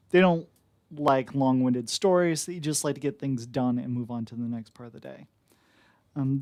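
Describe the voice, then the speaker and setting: A man's voice: medium pitch, a little mellow, no echo, studio quality. A man narrating as game master of a tabletop game, loose and chatty, with many fillers.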